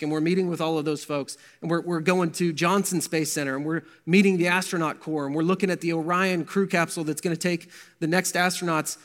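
A middle-aged man with a somewhat high voice shares his testimony at a men's breakfast. He tells it conversationally, full of ums, restarts and asides. His voice rings out with the long reverb of a large hall. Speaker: guest speaker at men's breakfast. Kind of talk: personal testimony talk.

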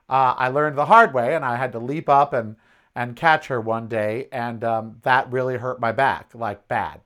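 A podcast host telling a personal story in a casual monologue, blunt and profane, with an animated, indignant delivery. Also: medium pitch. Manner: animated retelling, acts out its own shouts.

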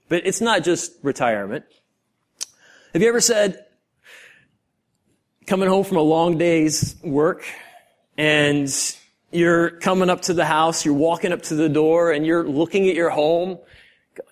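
A man's voice: fairly high pitch, expressive, measured pace. A man preaching a sermon, acting out everyday scenes in different voices. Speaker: pastor.

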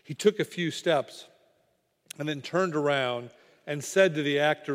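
Male preacher, dramatic sermon storyteller, slightly high voice, long hall reverb. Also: unhurried. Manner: dramatic storyteller, dropping to quiet for weight.

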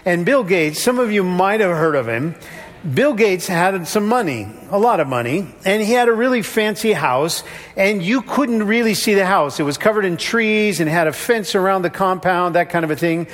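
A man's voice: high voice, lively intonation, normal speed, fairly bright tone. A pastor delivering a sermon in a conversational way, now and then acting out the people he quotes. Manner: conversational, acts out quoted voices. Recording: long hall reverb.

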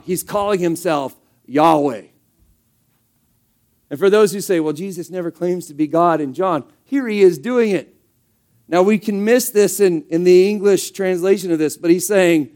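High-voiced man preaching, emphatic and conversational. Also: darkish tone. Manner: conversational and emphatic, rhetorical questions. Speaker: pastor. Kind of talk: sermon.

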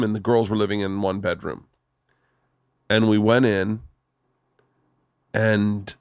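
Brief: male podcast host, animated and profane storyteller, dry mic. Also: lowish voice, no echo. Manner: animated storyteller who swears freely. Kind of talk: casual storytelling chat.

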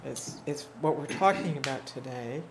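A reflective teacher tells stories to a small gathered group, voicing the people in them as the tale unfolds. The delivery is unhurried and thoughtful, with frequent halting restarts and repeated words. A faint hum of room noise sits behind the voice. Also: medium pitch. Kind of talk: storytelling talk to a small group.

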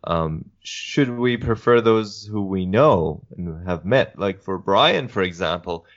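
A young man speaking as a podcast guest, with a fairly low voice. He lays out his points slowly and methodically, filling gaps with "uh". The sound is dull and lo-fi. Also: animated. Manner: measured, methodical, many "uh"s. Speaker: podcast guest, philosophy student. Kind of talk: casual podcast discussion.

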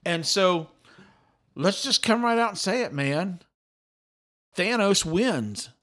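Excited, talkative middle-aged podcast host. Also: male voice, sits high, slow. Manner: animated, talkative, repeats himself. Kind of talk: excited casual chat.

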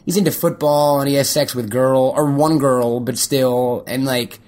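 A man's voice: mid-range voice, fairly even intonation, normal speed, darkish tone. A man hosting a podcast, chatting casually in a joking, profane, rambling way with lots of restarts. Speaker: podcast host.

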